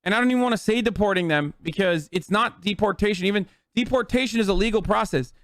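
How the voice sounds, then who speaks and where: A man's voice: high-pitched, quick pace, a bit bright, dry recording, clean studio sound. A man streaming political commentary, ranting to his live chat in a heated, profane way.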